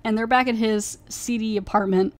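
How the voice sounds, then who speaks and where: A woman's voice: fairly high pitch, fairly even intonation, moderate pace, no room sound, clean studio sound. A woman hosting a podcast, casually reviewing an episode and retelling its plot in a rambling way, full of "like" fillers. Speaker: podcast host.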